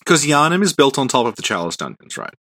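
A man's voice: mid-range voice, big pitch swings, fast, fairly bright tone, no echo. A man hosting a casual podcast, explaining game lore at length with lots of fillers and restarts.

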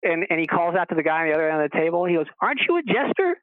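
Male radio guest calling in: slightly high voice, stammering storyteller, tinny dry phone line. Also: flat delivery, very fast, no echo. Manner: rambling, stammering restarts, acts out quoted voices. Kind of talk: casual storytelling on a radio show.

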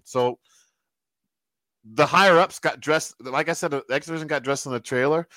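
Guy telling a story in a casual chat, kinda high voice, dry close sound, lots of acted-out quotes. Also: normal speed, no room sound, poor audio. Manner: animated storyteller who quotes other people. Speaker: guest telling a backstage story. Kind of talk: casual anecdote.

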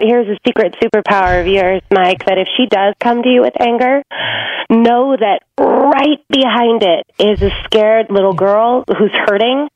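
Woman coach talking a couple through it, earnest and warm-hearted, kinda muffled lo-fi audio. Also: on the high side. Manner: earnest, reassuring, animated. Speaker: relationship expert guest. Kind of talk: coaching talk on a podcast. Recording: slightly dull lo-fi sound.

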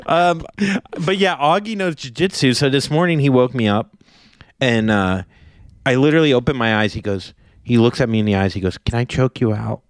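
A man co-hosting a podcast, telling stories in a relaxed, laid-back casual chat. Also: a little fast, smooth, no room sound, studio quality. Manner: laid-back storyteller, drops low for quoted lines. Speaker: podcast co-host.

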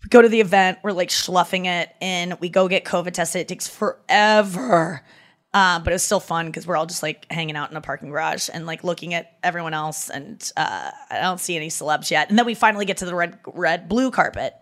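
A woman hosting a podcast, telling a story in a chatty, animated way, full of "like" fillers and wry self-mockery. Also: lowish voice, a little fast. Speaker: podcast host. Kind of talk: casual comedic storytelling.

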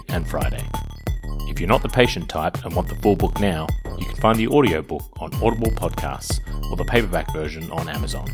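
An announcer reading a scripted podcast outro in an even, promotional way. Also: low-pitched.

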